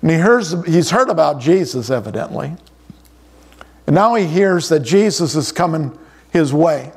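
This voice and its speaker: A man's voice: on the high side, lively intonation, normal speed, husky. A middle-aged man preaching a conversational sermon, often repeating words as he restarts his sentences. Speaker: pastor.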